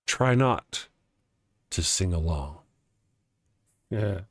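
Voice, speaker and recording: A man's voice: low-pitched, lively intonation, very slow. A man hosting a live stream in casual chat, rambling and chuckling as he reads viewer comments aloud. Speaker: live-stream show host.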